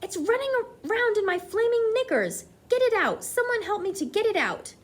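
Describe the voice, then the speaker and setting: A woman voicing a panicking male kitchen cook, yelling in a shrill, frantic voice. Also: wildly swooping pitch, a little fast, exaggerated voice. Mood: panicked.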